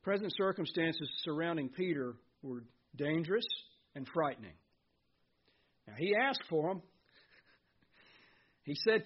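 A man's voice: fairly high pitch, animated, unhurried, pauses often, breathy edge, muffled recording. A man preaching a sermon as pastor, reading scripture and asking his listeners questions. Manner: earnest preaching, reads scripture aloud, asks the congregation questions.

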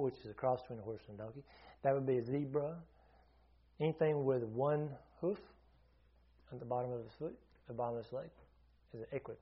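Higher-voiced man preaching conversationally. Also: dull audio. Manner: conversational teaching, asks listeners questions, frequent restarts. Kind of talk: sermon.

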